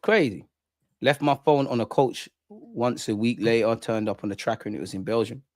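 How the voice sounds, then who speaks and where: A young man with a London accent talks loosely on a live stream, full of street slang and easy laughs. His voice sits at a middling pitch, recorded close and dry with no room sound. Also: normal speed, darkish tone, dry recording. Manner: slangy, chatty, laughs a lot. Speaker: livestream host. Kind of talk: casual live chat reading viewer comments.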